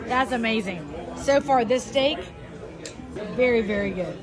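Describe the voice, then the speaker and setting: A woman's voice: fairly high pitch, expressive, measured pace, over music, crowd noise. A woman co-hosting a casual travel vlog, enthusiastic as she praises the food and gives recommendations. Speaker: vlog co-host.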